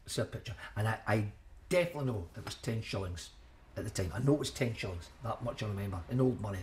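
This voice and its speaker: A man's voice: fairly low pitch, expressive, quick pace, darkish tone, slight background noise. A Scottish man in his seventies, a longtime shellfish shop owner, reminiscing in a chatty, rambling way, often repeating himself. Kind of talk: reminiscing in a documentary interview.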